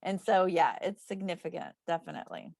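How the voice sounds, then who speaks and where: A woman's voice: on the low side, brisk, gravelly, a little mellow, a little hiss or hum. A woman co-hosting a book club, chatting casually, laughing often and trailing off mid-sentence. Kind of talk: casual chat.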